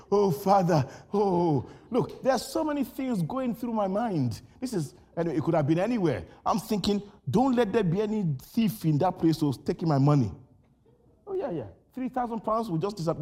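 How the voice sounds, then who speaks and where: A high-voiced man from Nigeria preaching with a husky edge. His pitch swings widely as he tells stories and repeats phrases, building toward shouted commands. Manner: tells personal stories in a lively, animated way. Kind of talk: sermon.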